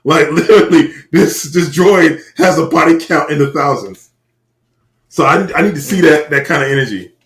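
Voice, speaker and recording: A man co-hosting a casual podcast, trading profane, animated banter. His voice sits a little high for a man. The room is echoey. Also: normal speed. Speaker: podcast co-host. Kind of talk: casual chat.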